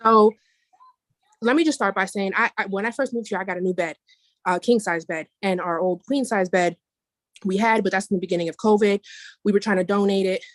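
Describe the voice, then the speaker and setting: A woman of middle pitch tells a personal testimony on a video call. She rambles, restarts her sentences, and drifts into asides. Her voice comes across dry and close. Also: brisk, no room sound. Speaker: meeting member sharing a testimony. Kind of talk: casual testimony.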